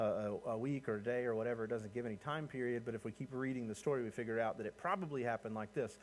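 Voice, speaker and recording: Guy giving a sermon, mid-pitched voice, talks it through casually like he's chatting with the room. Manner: conversational, rising in pitch and energy as he builds points. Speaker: pastor.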